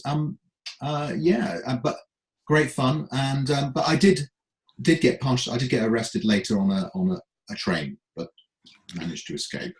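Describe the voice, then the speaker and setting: Middle-aged man, lively self-deprecating raconteur, mid-pitched, roomy echo. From England. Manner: animated, acts out voices, self-deprecating. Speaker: guest, comedy writer and speaker. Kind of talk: anecdotal storytelling.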